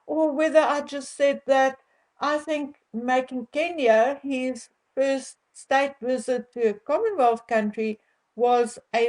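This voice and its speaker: A South African woman speaks to her viewers in a measured, wry monologue with a sharp edge of indignation. Her voice sits a little high, and she takes her time over each phrase. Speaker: royal-commentary vlogger.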